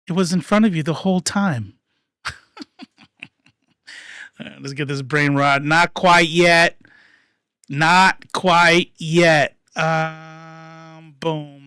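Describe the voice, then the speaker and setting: On a livestream, a mid-range voice delivers casual political commentary full of profanity and rambling, alternating between shouted outbursts and muttered asides. The audio is studio quality, free of echo.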